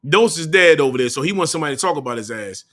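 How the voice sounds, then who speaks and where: List: man, young adult, livestream host, bright, loose swearing banter. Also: on the high side, expressive, very fast. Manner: loose slangy banter, swearing, calling out to viewers. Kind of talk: casual livestream chat.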